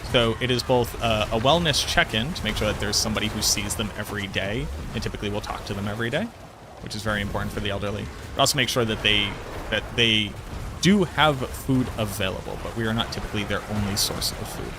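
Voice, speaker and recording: Low-voiced rambling gaming streamer man. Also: fast talker, background noise. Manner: rambling and talkative, self-correcting. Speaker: game streamer. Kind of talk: casual chat while gaming.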